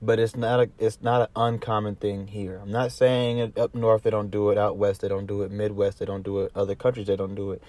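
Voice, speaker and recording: Brisk and with few pauses, a Southern-accented Atlanta man speaks in a low, darkish, level voice, and there's no room sound. His vlogger commentary wanders, swears freely, restarts often, and breaks easily into laughter.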